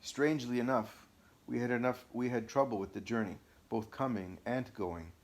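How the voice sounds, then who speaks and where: A man narrating a first-person account as an audiobook, measured and deliberate. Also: mid-range voice, fairly even intonation.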